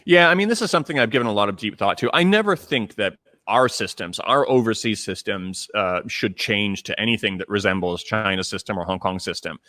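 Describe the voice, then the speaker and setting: A man's voice: lowish voice, brisk, bright, forceful tone, no room sound, clean studio sound. A man raised in Canada hosting a conversational interview, thoughtful and full of fillers and restarts. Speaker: interviewer, channel host.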